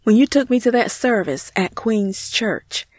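A woman's voice: fairly low pitch, measured pace, no echo, clean studio sound. A woman voicing an earnest, grateful churchgoing woman in an amateur audio drama, speaking heartfelt and sincere. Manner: heartfelt, earnest, often says his name.

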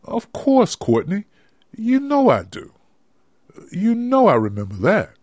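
A man's voice: high-pitched, wildly swooping pitch, takes it slowly, a little mellow, no room sound, studio quality, pitched above the performer's own voice, full character voice. A man voicing a sheepish, lovestruck married man in an amateur audio drama, speaking earnestly. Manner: earnest, swooping intonation.

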